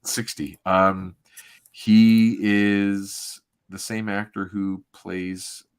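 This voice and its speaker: A man's voice: on the low side, flat delivery, extremely slow, clear, resonant tone. A man co-hosting a comic reading show, talking casually and enthusiastically into a desk microphone and reading narration aloud. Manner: chatty, enthusiastic, self-correcting with laughs. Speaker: podcast co-host reading comics.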